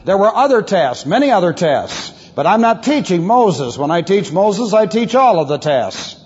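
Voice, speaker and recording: A man teaching the Bible as a pastor, emphatic, asking rhetorical questions and swinging his pitch widely. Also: very animated, moderate pace, a little mellow, breathy edge. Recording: lo-fi reverberant hall recording.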